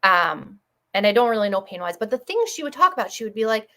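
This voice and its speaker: A woman from Connecticut chats as a broadcast guest, rattling through her patient stories at a quick clip. She talks in a warm, effusive rush, with a mid-range voice for a woman. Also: medium pitch, very animated. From Connecticut, USA. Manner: fast-talking, chatty, effusive. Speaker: chiropractor guest. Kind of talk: casual storytelling on a broadcast.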